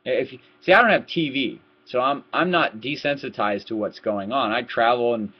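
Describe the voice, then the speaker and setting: A man giving a heated political rant to his webcam, repeating words and swinging from low muttering to loud outbursts. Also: moderate pace, slightly rough. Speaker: political vlogger. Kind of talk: ranting webcam commentary. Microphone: laptop webcam mic. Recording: lo-fi laptop webcam audio.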